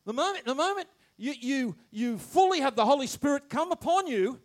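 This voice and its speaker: A man preaching a sermon, animated, shouting some phrases and dropping to quiet asides, stammering when excited. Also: very high-pitched, moderate pace. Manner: animated, swings between loud shouts and quiet asides, laughs often.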